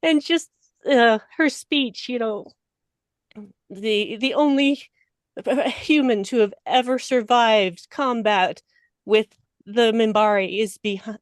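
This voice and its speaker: A woman guest on a podcast, talking emotionally and laughing often, her voice climbing high when excited. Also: slow pace, no room sound. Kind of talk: casual podcast discussion.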